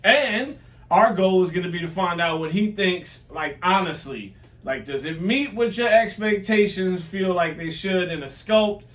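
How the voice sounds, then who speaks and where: A man's voice: high-pitched, moderate pace, fairly bright tone, far from the mic. Joking man hosting a toy unboxing. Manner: joking, teasing, laughs often. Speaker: toy reviewer host. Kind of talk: casual unboxing chat. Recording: roomy, from off-mic.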